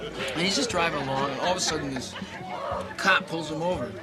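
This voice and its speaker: A man's voice: a little high, brisk, natural voice. An actor playing a rowdy man telling a joke at a noisy party. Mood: joking. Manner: joke-telling, animated, laughing. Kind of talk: film dialogue. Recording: loud crowd and music around, from a distance.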